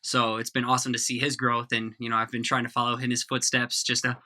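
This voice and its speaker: A man in his thirties from Iowa chats as a podcast guest, joking and poking fun at himself. His voice is very bright and forward, at an everyday pitch. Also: completely flat delivery, quick pace. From Iowa, United States. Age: 30s. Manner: joking, self-deprecating. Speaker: guest illustrator and lettering artist. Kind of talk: casual podcast chat.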